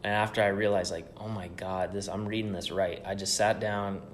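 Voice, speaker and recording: In casual podcast conversation, a young co-host rambles through his stories loosely and profanely. He speaks fairly quickly in a fairly low voice with fairly even intonation, with slight background noise.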